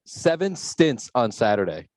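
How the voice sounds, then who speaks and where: A man hosting a casual podcast chat, speaking in a relaxed way with brief comments. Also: mid-range voice, a little slow, no room sound. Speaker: podcast host.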